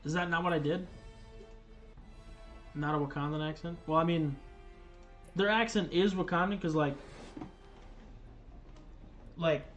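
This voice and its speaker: Male gaming streamer, casual, profane, slightly high voice, faint game music. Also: steady tone, unhurried, long pauses, a bit bright, lo-fi sound. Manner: casual, profane, thinks aloud. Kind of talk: casual livestream commentary.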